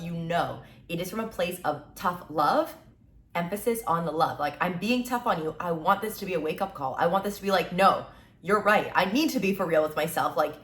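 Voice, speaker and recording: A woman in her twenties giving an energetic, tough-love motivational talk as a content creator. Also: on the low side, reverberant. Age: 20s.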